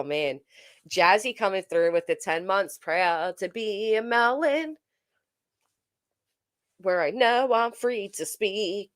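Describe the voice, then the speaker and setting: A commentary channel host with a lowish voice is captured in a dry, clean studio recording. She runs a casual livestream, chatting as she reads viewer comments aloud and replies, hesitating with frequent ums and uhs.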